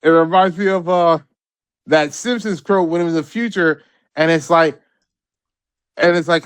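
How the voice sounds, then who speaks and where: A man with a high voice rants about the news as a podcast co-host. His talk is profane and rambling, full of repeated words, and his voice sounds close and dry. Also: normal speed, pauses often, clear, resonant tone, dry recording. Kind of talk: casual political commentary.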